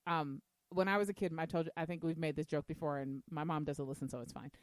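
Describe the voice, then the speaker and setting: A woman co-hosting a podcast in casual chat, telling stories in an animated, chatty way. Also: low-pitched, fast talker, no room sound, studio quality. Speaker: podcast co-host.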